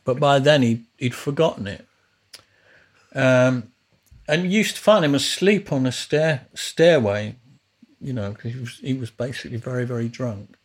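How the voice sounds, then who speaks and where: Animated and medium in pitch, a man talks at a moderate pace while hosting a podcast. His stories about starting out as a musician are casual and meandering, with lots of restarts.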